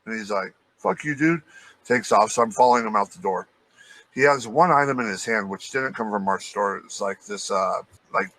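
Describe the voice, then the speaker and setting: A man co-hosting a podcast, telling a profane, animated work story in casual chat. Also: lowish voice, rough recording. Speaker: podcast co-host.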